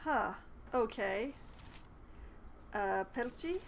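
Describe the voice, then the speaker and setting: A woman's voice: on the high side, animated, extremely slow, creaky, a little hiss or hum, rough recording. A woman streaming a role-playing game, chatting and reading the dialogue choices aloud. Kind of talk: casual gameplay commentary.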